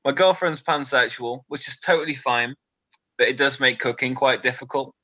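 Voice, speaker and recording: A British man in his twenties doing a stand-up set, delivering deadpan one-liners with nervous asides to a quiet crowd. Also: mid-range voice, normal speed, no room sound, rough recording. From Britain. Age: 20s. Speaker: stand-up comedian.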